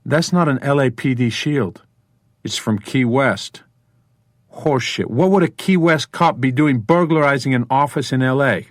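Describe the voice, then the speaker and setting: A man's voice: medium pitch, normal speed, dry recording, studio quality, pitched above the performer's own voice, lightly acted. A man voicing a small, tough woman who is a former cop, giving clipped, commanding orders at gunpoint. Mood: threatening.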